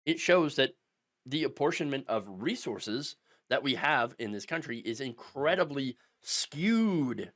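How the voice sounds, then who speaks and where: A man hosting a political commentary vlog, sarcastic and animated, punctuating his points with "okay?". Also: medium pitch, measured pace. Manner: animated and sarcastic, with constant "okay?" tags and mocking mimicry.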